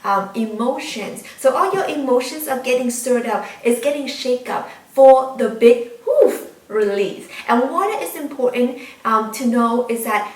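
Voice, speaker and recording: High-voiced woman giving spiritual guidance. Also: lively intonation, a little slow, few pauses. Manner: earnest, emphatic, repeats key words, addresses viewers directly. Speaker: tarot reader and spiritual channel host. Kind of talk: spiritual guidance talk to camera. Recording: roomy echo, mic at a distance.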